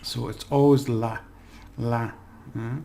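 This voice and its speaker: A man giving a relaxed, chatty language lesson, slowly repeating words for practice and laughing at his own slips. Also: medium pitch, creaky, slight background noise. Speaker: language teacher. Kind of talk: casual spoken language lesson.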